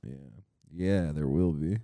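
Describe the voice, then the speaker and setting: A man's voice: rumbling low, takes it slowly, mellow. A young man co-hosting a casual comedy podcast, crude and laughing often, slipping into funny voices for quoted people. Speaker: podcast co-host.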